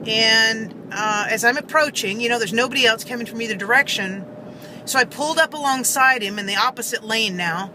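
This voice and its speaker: A woman's voice: a little high, a little fast, background noise. A woman vlogger earnestly telling a story to camera, rambling with many fillers and restarts, seated in a car.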